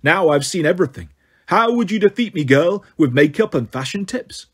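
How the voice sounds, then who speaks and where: A slow, gloating brute of a giant, drawing out his taunts with heavy menace in a storybook reading. A man acts him out with a husky, slightly raised voice. He sounds amused and cruel. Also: on the high side, lively intonation. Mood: mocking. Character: boastful brutish male giant, mocking.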